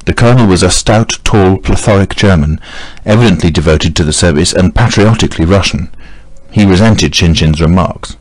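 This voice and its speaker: Deep-voiced man reading an audiobook. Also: a little fast, no room sound, low-quality recording. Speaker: audiobook reader. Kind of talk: scripted narration.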